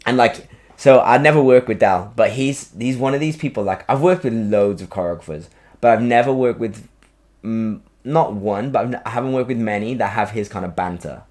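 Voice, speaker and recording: A man, hosting a podcast and telling a story in a casual, animated way, acting out quotes and swearing freely. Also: medium pitch, brisk. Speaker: podcast host. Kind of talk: casual chat.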